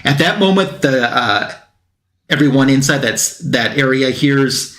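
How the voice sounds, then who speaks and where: A man's voice: mid-range voice, lively intonation, a little slow, a bit bright, roomy sound. A man on a comic book talk show retelling a plot in a casual, rambling way, with fillers and quotes that he acts out.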